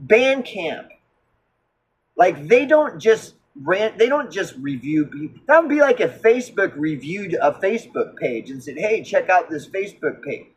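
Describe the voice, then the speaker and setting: A man telling a story in a casual monologue, swearing a lot and talking in animated bursts full of fillers and restarts. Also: sits high, unhurried, husky, poor audio. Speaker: musician.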